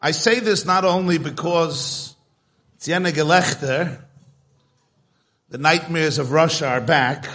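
A man's voice: on the high side, slow, long pauses, a bit bright. A man giving a storytelling talk to a live audience, chatty and joke-telling, speaking straight to his listeners.

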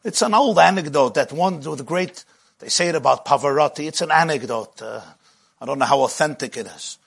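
Husky-voiced man giving a spiritual lecture. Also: on the high side, brisk. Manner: rhythmic, repetitive phrasing, impassioned. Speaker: Jewish teacher.

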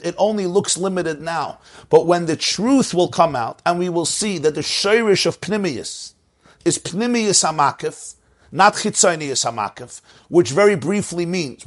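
A man teaching a Torah class with a husky voice, swinging his pitch widely between low storytelling and high, emphatic points.

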